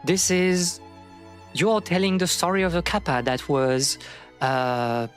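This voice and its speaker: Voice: mid-range voice, animated, measured pace, faint music behind. A streamer casually retelling a folk tale, rambling with many fillers and acting out the quotes.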